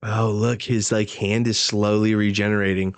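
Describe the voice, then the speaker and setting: A man's voice: lowish voice, little pitch movement, moderate pace. A man hosting a live manga reaction, reading the dialogue aloud and reacting with casual, slangy, profane comments.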